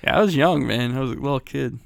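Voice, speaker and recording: A middle-aged man from Philadelphia co-hosts a podcast, telling a profane story through laughter in casual conversation. His medium-pitched voice is gravelly and quick. The sound is clean studio audio from a close mic, with no room sound.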